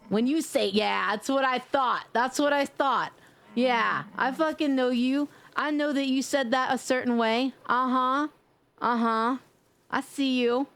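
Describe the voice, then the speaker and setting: A woman's voice: sits high, a bit bright. A young woman with a New York accent, chatting playfully on a live stream, joking, swearing and laughing often. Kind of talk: casual live-stream chat.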